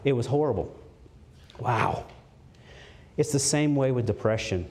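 A man preaching a sermon, emphatic and swinging from high, raised lines to low, quiet ones. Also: animated, a little slow. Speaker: pastor.

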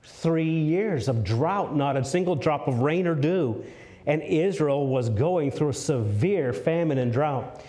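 A man as a preacher, somewhat high and mellow, animated, goes hushed for emphasis, quizzes the flock. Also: slow pace. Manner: asks the congregation questions. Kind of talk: sermon, Bible exposition.

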